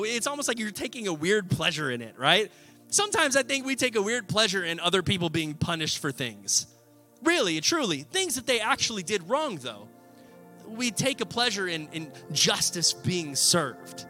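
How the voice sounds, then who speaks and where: Animated high-voiced preacher, bright tone. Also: male voice. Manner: animated storytelling, acting out voices; conversational, with frequent "right?". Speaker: pastor. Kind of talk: sermon.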